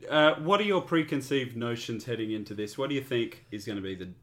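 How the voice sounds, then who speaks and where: A man's voice: medium pitch, brisk, fairly bright tone. A man, a podcast co-host telling a rambling anecdote in casual chat, with restarts.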